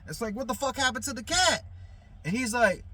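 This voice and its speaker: Man, high voice, casual vlog rant from a parked car, swears a lot, rambles. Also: expressive, a little fast, pushed and bright, slight background noise. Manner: profane, heated, rambling with many fillers. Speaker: vlogger. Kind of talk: casual storytelling to camera. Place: inside a parked car at night.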